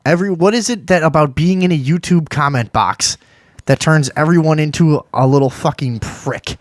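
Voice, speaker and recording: A man's voice: a little high, moderate pace, no echo. A man hosting a casual live talk show, swearing often and ranting. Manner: profane, ranting. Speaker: podcast host.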